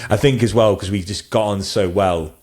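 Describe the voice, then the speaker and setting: A man with a very deep voice talks casually as a podcast guest. He rambles, circling back with fillers and restarts. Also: normal speed, darkish tone. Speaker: wedding photographer guest.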